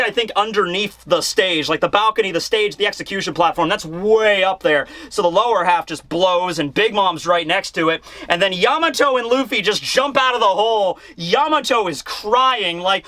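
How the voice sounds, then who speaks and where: A man giving a casual, excitable, rambling comic recap with mild swearing. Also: high voice, moderate pace, hardly any pauses, no room sound. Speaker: manga reviewer.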